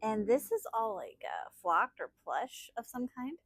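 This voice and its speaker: A woman talks through a casual unboxing vlog in a fairly high voice. She is chatty and excitable and laughs readily between remarks. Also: unhurried, creaky, dry recording. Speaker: channel host.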